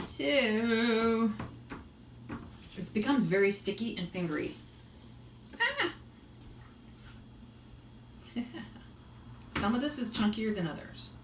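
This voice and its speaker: A talkative vlogger and yoga teacher from the Boston area, with a slight Boston accent, chats and giggles with her viewers while cooking. Her voice is fairly high and measured in pace, and she sounds a bit distant from the mic in an echoey room with faint background noise.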